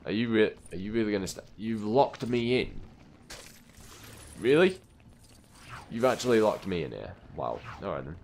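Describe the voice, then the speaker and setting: A young man casually commentating his video game play, chatty and quick to get exasperated at the characters on screen. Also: on the low side, animated, gravelly, darkish tone, a little hiss or hum. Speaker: gaming channel host.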